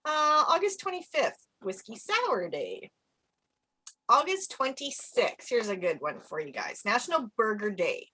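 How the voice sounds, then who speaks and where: Woman podcast co-host, bright tense voice, casual list reading. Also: fairly high pitch, very animated, a little slow. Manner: reads out a list of dates, laughs at her own slips. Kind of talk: casual chat.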